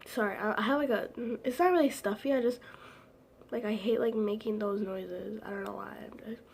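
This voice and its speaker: A woman's voice: medium pitch, brisk, gravelly, a little mellow, a little hiss or hum. A teenage girl chatting casually to camera at home, rambling with lots of "like" fillers and giggles. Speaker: vlogger.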